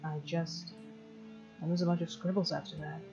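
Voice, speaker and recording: A woman's voice: on the low side, flat delivery, racing, dull audio, music in the background. A woman casually commentating her game playthrough in a chatty, self-deprecating way. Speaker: let's play gamer. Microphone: headphones on while playing.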